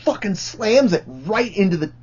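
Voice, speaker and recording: A man's voice: high voice, sing-song, moderate pace, darkish tone, highs cut off, a little hiss or hum. A man hosting his own channel, telling rambling, profane stories in a casual way with lots of fillers.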